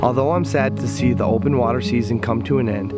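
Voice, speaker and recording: A man with a mid-pitched voice narrates calmly and explains things steadily. It is a voice-over with clear background music playing under it. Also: fast talker. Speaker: fishing vlog host.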